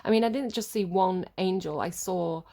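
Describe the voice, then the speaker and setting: A woman's voice: on the low side, moderate pace, dark tone. A woman giving a rambling, chatty tarot reading straight to camera, swearing freely as she goes. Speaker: tarot reader. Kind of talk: casual tarot reading monologue.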